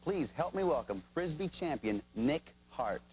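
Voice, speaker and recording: A man's voice: a little high, sing-song, measured pace. A man hosting a TV show, interviewing a guest with enthusiasm and frequent restarts. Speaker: TV show host. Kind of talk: upbeat TV host interview. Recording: noisy late-1980s TV broadcast.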